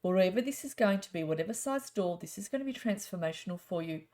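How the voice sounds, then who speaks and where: A middle-aged woman, a psychic telling chatty, rambling stories and doing a gently spiritual card reading. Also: mid-range voice, expressive, quick pace. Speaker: psychic reader. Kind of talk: casual storytelling and card reading.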